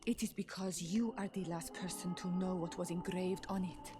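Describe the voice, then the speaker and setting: A woman's voice: lowish voice, fairly even intonation, moderate pace, natural voice. An actress voicing a determined young native woman in a video game, speaking earnestly and directly. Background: game music.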